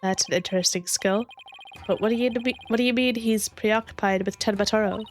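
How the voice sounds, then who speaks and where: A woman's voice: medium pitch, fairly even intonation, a little fast, slight background noise, close to an everyday voice. A woman reading a skeptical young male lawyer from a game, questioning and doubtful. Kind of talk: fan voicing of game dialogue.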